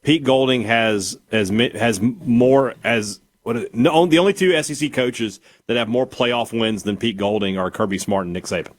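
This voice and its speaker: A man's voice: mid-range voice, normal speed, few pauses, no echo. A man co-hosting a casual sports talk radio show, thinking aloud as he talks.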